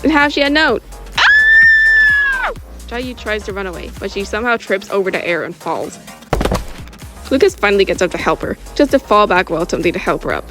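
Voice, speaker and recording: A woman's voice: medium pitch, expressive, quick pace, loud music behind the voice. Casual female author reading her story. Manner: informal, with self-corrections and giggles.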